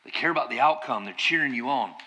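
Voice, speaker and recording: Bright-voiced preacher. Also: male voice, mid-range voice, lively intonation, fast talker. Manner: conversational preaching, rising to emphatic bursts. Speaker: pastor. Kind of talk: sermon.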